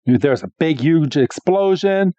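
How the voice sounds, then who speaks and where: A man co-hosting a podcast, narrating cartoon battles with animated storytelling and quick laughs. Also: fairly high pitch, no echo, dull audio. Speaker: podcast co-host. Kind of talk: casual episode recap chat.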